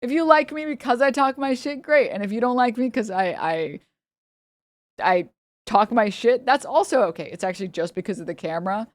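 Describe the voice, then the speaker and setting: A woman's voice: on the high side, a little fast, dry recording. Sarcastic rambling woman streamer. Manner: rambling, sarcastic, laughs often, mocking voices. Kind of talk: casual commentary stream.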